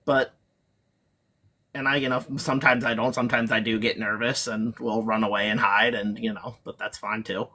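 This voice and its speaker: A reseller appears as a guest on a live chat stream, rambling with lots of fillers and cutting himself off to restart. His voice is lowish, flat, pushed, and bright, at a moderate pace.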